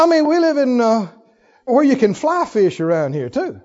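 Male preacher, high and very animated, emphatic and repetitive, dull lo-fi sermon tape. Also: normal speed. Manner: emphatic, repeats key phrases, swings from loud to soft.

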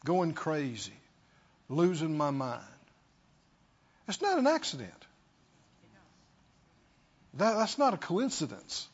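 High, lively, husky male preacher. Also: takes it slowly, long pauses. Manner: emphatic, rhetorical questions to the congregation. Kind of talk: sermon. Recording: dull lo-fi sermon recording.

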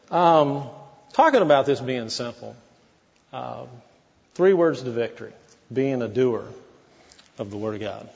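A man's voice: medium pitch, a little mellow, big-room sound, muffled recording. A man preaching a sermon as pastor, in a folksy, conversational way with asides to the congregation.

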